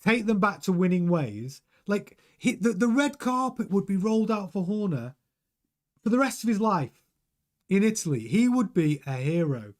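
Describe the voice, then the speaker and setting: A man's voice: high voice, moderate pace. A middle-aged man hosting a live stream, talking casually and animatedly and often restarting his sentences while he reads the chat. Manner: chatty, animated, repeats words and restarts. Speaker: show host reading live chat.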